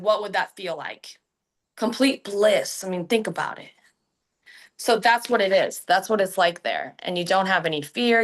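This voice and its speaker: Casting: woman guest, casual podcast chat, lively and filler-heavy, middle pitch. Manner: animated, many fillers, acts out quoted voices. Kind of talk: casual conversation.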